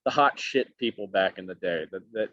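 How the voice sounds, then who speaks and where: Animated storytelling man from Alabama. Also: low voice, a little fast, dry recording. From Alabama, USA. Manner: animated, acts out quotes with many voices. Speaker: actor, interview guest. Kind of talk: casual interview storytelling. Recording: dull dry lo-fi sound.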